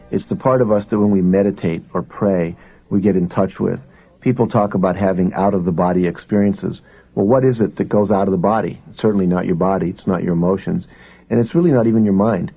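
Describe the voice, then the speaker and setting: With a low-pitched, dark-toned voice, a man gives a live self-help seminar to a packed audience, talking conversationally and asking them questions. The sound is lo-fi.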